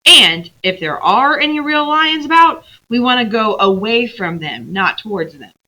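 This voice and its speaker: A blunt, doubting male dwarf who lays out plain practical reasons, read aloud by a woman. The voice stays close to the reader's own, bright and lively. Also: fairly high pitch, normal speed, dull audio, voice pushed up.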